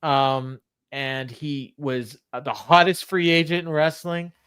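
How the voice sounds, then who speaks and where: A man co-hosting a wrestling recap podcast in casual chat, laughing often and filling pauses with "uh". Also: fairly high pitch, little pitch movement, fairly bright tone, clear, resonant tone, no room sound, clean studio sound. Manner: chatty, laughs often, many fillers. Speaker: podcast co-host.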